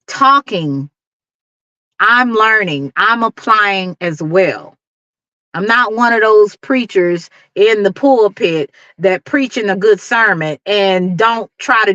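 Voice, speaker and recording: A woman's voice: mid-range voice, fairly bright tone, no echo, lo-fi sound. A middle-aged woman with a Dallas accent, giving an emphatic, preachy motivational talk to her livestream viewers and laughing often. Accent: Dallas, Texas. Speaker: YouTube livestream host.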